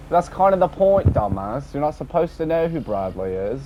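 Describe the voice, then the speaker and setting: A man rambling casually about an online game session, swearing often and tacking on a low, dropped "mate". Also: animated, moderate pace, hardly any pauses. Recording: dull lo-fi audio with faint background noise.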